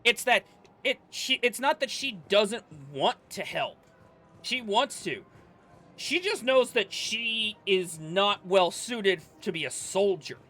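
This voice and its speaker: A man's voice: high voice, animated, slow, pushed and bright. A man streaming a video game, chatting and laughing about the scenes as he plays. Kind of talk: casual gameplay commentary.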